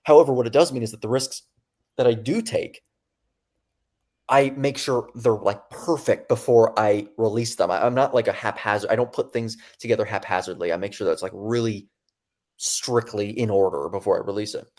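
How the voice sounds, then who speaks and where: A young man in his twenties, a podcast guest telling his own story in a casual, animated way, often acting out what people said. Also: on the low side, normal speed. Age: 20s. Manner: animated, acts out quoted dialogue; casual, many fillers and restarts. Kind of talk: storytelling in an interview.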